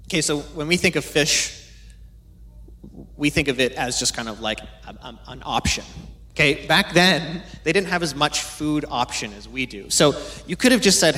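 Man, sermon, chatty teaching tone, slightly high voice. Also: animated, normal speed, pushed and bright. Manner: conversational, acts out voices in quotes. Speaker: preacher.

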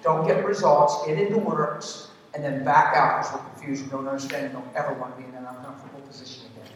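A man's voice: mid-range voice, fairly even intonation, fast talker, a little hiss or hum. A man preaching a sermon with emphatic delivery, putting questions to the congregation and throwing in joking asides. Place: large church hall. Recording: echoey hall from far off.

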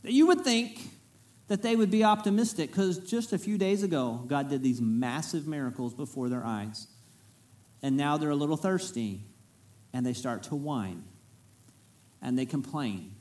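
A man's voice: on the high side, lively intonation, a little slow, darkish tone. A man preaching a conversational sermon as a pastor, retelling the story in a folksy way with humorous asides.

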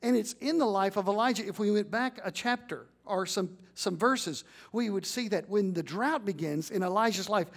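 A man's voice: high voice, moderate pace, hardly any pauses. A man preaching a sermon as pastor, building to emphatic peaks and leading the congregation in call-and-response.

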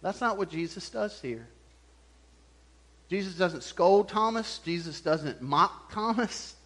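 A man preaching a sermon as pastor, animated, chuckling often and acting out the voices he quotes. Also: high-pitched, slow pace.

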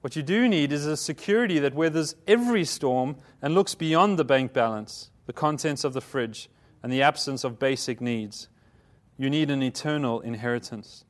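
A man's voice: mid-range voice, normal speed. A man giving a conversational sermon, often asking his listeners questions and stopping to correct himself. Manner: conversational preaching, asks the congregation questions; self-correcting, repeats words. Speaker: pastor.

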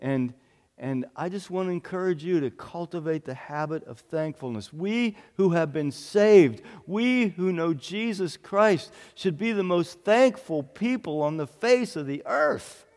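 Man preaching, earnest, repeats himself for emphasis, fairly high voice, long hall echo. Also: expressive, measured pace, a little mellow. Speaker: pastor. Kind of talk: sermon.

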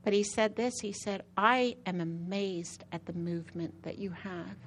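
A woman preacher giving a sermon with personal testimony, an animated storyteller who repeats phrases for emphasis and whose voice climbs high when excited. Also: moderate pace.

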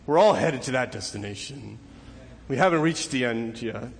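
A man's voice: medium pitch, expressive, moderate pace, gravelly. Man preaching in a reverberant hall. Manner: preaching with rhetorical questions to the congregation. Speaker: pastor. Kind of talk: sermon.

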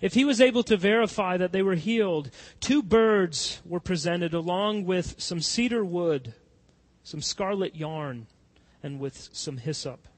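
A man preaching a sermon as pastor, swinging from loud impassioned cries to soft, hushed pleading. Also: high voice, a little slow.

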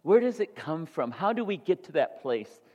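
A male pastor delivering a sermon, ranging from hushed, near-whispered passages to loud, rising exhortation. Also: fairly high pitch, sing-song, moderate pace, lo-fi sound. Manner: shifts from soft, near-whispered confession to loud, rising preaching. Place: church sanctuary. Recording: long hall reverb in a church.

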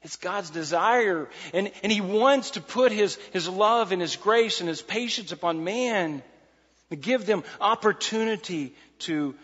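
A man preaching a sermon as pastor, animated and repeating key phrases for emphasis. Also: high voice, a little slow, breathy edge. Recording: muffled sound in a large reverberant hall.

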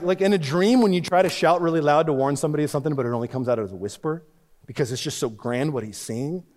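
A man preaching a sermon as pastor, swinging between loud emphatic lines and hushed ones. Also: on the high side. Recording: long reverb of a large hall.

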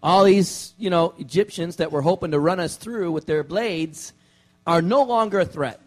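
A man, a pastor, preaching a casual sermon to his church, relaxed and joking, with many fillers and restarts. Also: sits high, moderate pace. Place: church sanctuary.

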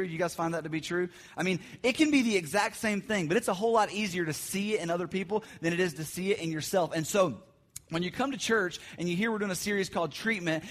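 Lively pastor, young man. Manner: animated storyteller, rising to loud outbursts then dropping low. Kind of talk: sermon with comic storytelling. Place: church sanctuary.

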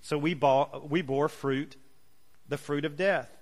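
A male pastor with a higher, steady voice preaches a sermon, leading his congregation in call-and-response using emphatic, drawn-out phrases. Long hall reverb fills the recording.

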